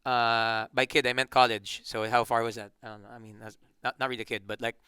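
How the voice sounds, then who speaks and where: Filipino musician for a loose, joking interview, bright and crisp, dry sound. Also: male voice, medium pitch, fast, no echo. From Philippines. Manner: relaxed, joking, rambling with restarts. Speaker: band member. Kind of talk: casual interview chat.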